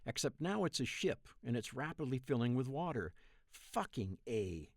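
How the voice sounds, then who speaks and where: A man in his thirties narrating a first-person dream story in a wry, profane, deadpan way. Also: mid-range voice, moderate pace, no echo, studio quality. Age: 30s.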